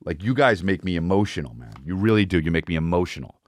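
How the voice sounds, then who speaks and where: A man's voice: sits low, animated, quick pace, no echo, clean studio sound. A man hosting his own podcast, telling rambling, profane comic stories and imitating voices and sounds along the way. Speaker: podcast host. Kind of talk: casual comedic monologue.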